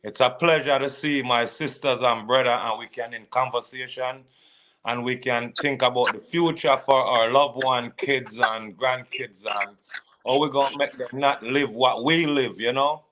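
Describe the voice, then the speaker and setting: A man calls in to the show, his voice bright and forward. He talks in an easy, loose way, with "you know" dropped between thoughts. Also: medium pitch, normal speed, slight background noise. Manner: relaxed, repeats "you know" often. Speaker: caller. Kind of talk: casual call-in chat.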